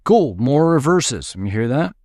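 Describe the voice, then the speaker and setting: A man's voice: medium pitch, very animated, unhurried. Casual male music production tutor. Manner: casual and upbeat, mimics sounds with his voice. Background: dance track playing faintly.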